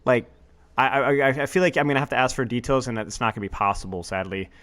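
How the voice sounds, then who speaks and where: A man playing a casual gaming quiz as contestant, stammering and mocking himself as he thinks out loud. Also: medium pitch, fast. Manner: stammering, animated, self-mocking.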